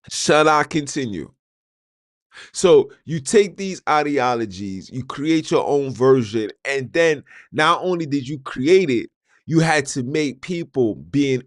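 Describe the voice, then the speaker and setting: A man's voice: medium pitch, dry recording, studio quality. A man hosting a podcast, delivering an argumentative monologue full of rhetorical questions that he puts straight to his listeners. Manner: addresses listeners directly. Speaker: podcast host.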